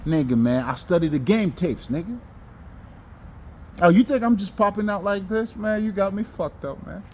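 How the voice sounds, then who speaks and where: A man delivers a loose, animated self-help monologue, full of profanity and restarts. His voice sits fairly high. Faint insect noise hums behind him. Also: moderate pace. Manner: animated, profane, rambling with many restarts and laughs. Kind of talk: casual spoken monologue.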